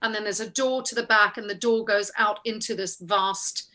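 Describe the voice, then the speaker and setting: A woman actress telling an anecdote in an interview, animated and acting out the people she quotes. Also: mid-range voice, moderate pace.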